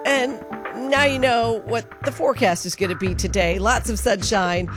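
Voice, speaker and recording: A woman's voice: on the high side, normal speed, over music. A woman hosting a morning radio show in casual chat. She laughs often and corrects herself as she goes. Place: radio studio.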